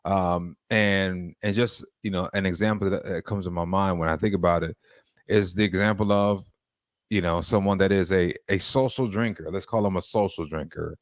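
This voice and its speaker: Man, faith podcast co-host, low voice, dry close sound, casual rambling chat. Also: fairly even intonation, moderate pace, dry recording. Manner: rambling, many restarts and "man".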